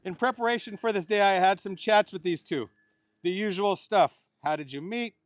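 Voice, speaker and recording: Acting as the bride's uncle, a middle-aged man officiates a wedding, mixing playful jokes and asides with heartfelt advice. His voice sits high, and he speaks at a moderate pace.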